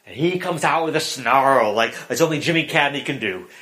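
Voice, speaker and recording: A man preaching a sermon, retelling a film scene with animated drama before turning to scripture. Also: mid-range voice, moderate pace.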